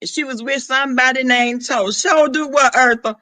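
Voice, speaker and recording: A man, chatting casually on a live stream, sassy and profane, throwing quick asides to his viewers. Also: very high-pitched, pushed and bright, dry recording. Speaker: vlogger greeting live chat.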